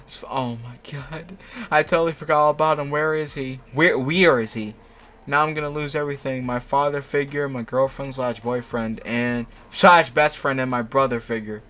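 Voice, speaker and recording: A man's voice: mid-range voice, steady tone, normal speed, a bit bright. A man hosting, reading fanfiction aloud with mocking asides, laughing often and tripping over his words. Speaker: host.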